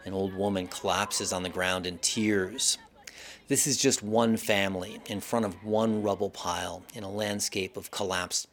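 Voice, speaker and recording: A male foreign correspondent narrating a scripted news report from the field in a measured, somber way. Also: low-pitched, a bit bright, a little hiss or hum.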